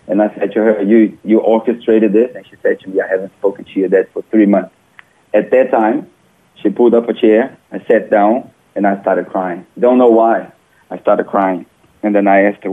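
A man from Brazil, telling his personal testimony in an earnest, animated way with small grammar slips. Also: lowish voice. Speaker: interview guest. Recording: tinny phone line.

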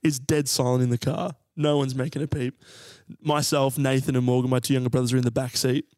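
An Australian man in his twenties telling a funny story on a podcast, animated and laughing as he goes. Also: mid-range voice, brisk, dry recording, clean studio sound. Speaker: podcast co-host. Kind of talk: comic storytelling.

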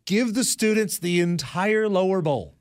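A man's voice: sits high, animated, a little slow, dry recording, clean studio sound. Opinionated male radio co-host. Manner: opinionated, teasing. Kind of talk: sports talk radio. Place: radio studio. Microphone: studio microphone.

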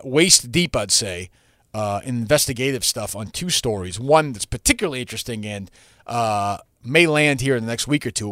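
A man hosts his own podcast in a loose solo monologue, circling back and restarting his sentences. He is blunt and occasionally profane. The sound is dry and close, with a middle-pitched voice. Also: a bit bright, no room sound. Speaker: podcast host.

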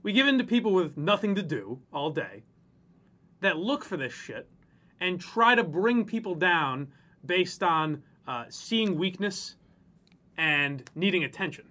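A man with a high, bright voice that swoops up and down as he rants. He swears freely and slips into mocking voices to make his point in a loose, casual chat. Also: big pitch swings, measured pace. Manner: profane, ranting, mocks people in exaggerated voices. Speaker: podcast co-host.

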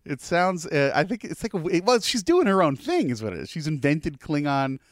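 A man's voice: a little high, expressive, fairly quick, dry recording, clean studio sound. A man co-hosting a podcast, chatting casually and rambling about a TV episode with lots of fillers. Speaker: podcast co-host.

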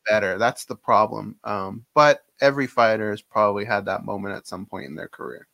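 A man's voice: lowish voice, brisk, vocal fry, no echo. A man co-hosting a casual sports talk show from a home studio, easygoing and conversational with frequent fillers. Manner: relaxed, conversational, many fillers. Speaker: co-host.

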